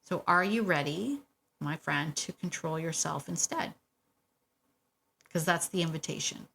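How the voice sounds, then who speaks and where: A woman hosting a solo podcast about dog training, chatty and warm, laughing often and repeating phrases for emphasis. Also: sits low, unhurried, vocal fry, a little hiss or hum. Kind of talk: casual solo podcast talk.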